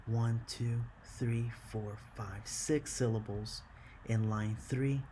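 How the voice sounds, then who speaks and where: A man teaching a classroom lesson, slow and encouraging, counting syllables aloud. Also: mid-range voice, warm tone, a little hiss or hum.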